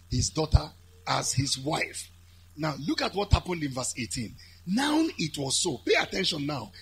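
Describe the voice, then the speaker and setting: A man with a Nigerian accent preaching a lively sermon, building to shouted, chanted high points. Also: breathy edge. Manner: animated, shouting and chanting at peaks.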